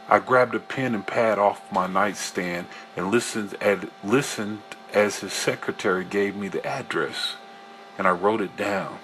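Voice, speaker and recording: A man reading a first-person story aloud as an audiobook narrator, in a slow, unhurried way. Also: fairly low pitch, fairly bright tone, a little hiss or hum, low-quality recording. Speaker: audiobook reader.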